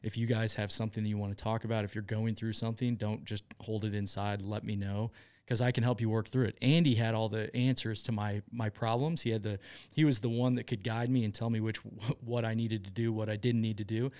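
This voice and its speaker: A man talking as a guest on an interview show, telling his stories in a loose, chatty way. His voice sits low and sounds smooth and clear. The recording around him is dry, with no room echo. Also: level tone, fairly quick, a little mellow. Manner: chatty, laughs often while telling stories. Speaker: business owner, guest. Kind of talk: casual storytelling in an interview.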